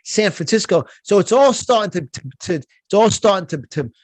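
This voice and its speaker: Heard with no echo, this high-pitched man speaks at a moderate pace with lively intonation. He is a middle-aged motivational speaker and business coach with a New York accent, an emphatic, fired-up interview guest who often restarts his words in a passionate conversation.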